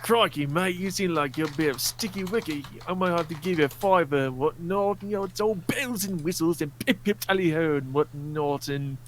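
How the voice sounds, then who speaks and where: A man's voice: a little high, normal speed, few pauses, a little hiss or hum, natural voice. A man putting on a hammy fake British bloke. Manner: hammy mock slang, rambling. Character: jokey over-the-top British bloke, man.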